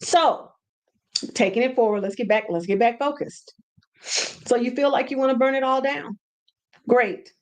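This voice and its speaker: A woman hosting a casual teaching talk from home, animated and repeating words for emphasis. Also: fairly high pitch, moderate pace, long pauses. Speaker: podcast host and brand coach.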